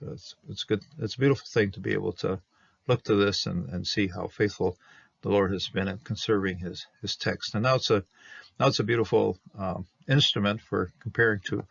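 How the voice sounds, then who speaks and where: A man explaining a Hebrew Bible manuscript, halting with many fillers and restarts as he reads words slowly. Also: fairly low pitch, fairly bright tone, no room sound. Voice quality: gravelly and husky. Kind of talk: unscripted explanatory study talk. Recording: dull lo-fi dry recording.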